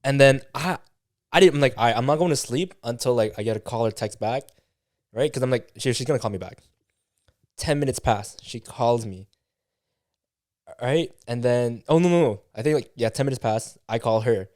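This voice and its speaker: A man's voice: medium pitch, moderate pace, darkish tone, no room sound, clean studio sound. A young man, a podcast co-host, telling a casual story with lots of swearing and acted-out quotes of what was said. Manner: swearing, acts out quoted dialogue, many fillers.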